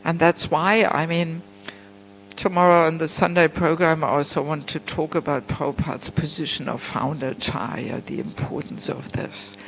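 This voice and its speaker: A woman giving a class on scripture at a temple, chatty and warm in tone, often saying "you know" and breaking into laughs. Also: deep voice, steady tone, moderate pace, a little hiss or hum, rough recording. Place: temple hall.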